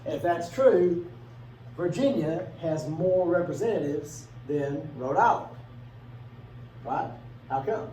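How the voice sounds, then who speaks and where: Male teacher, chatty classroom lecture, higher-pitched voice, distant mic with faint room hiss. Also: lively intonation, mellow, echoey room. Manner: conversational, asks the class questions, acts out quick bits in funny voices.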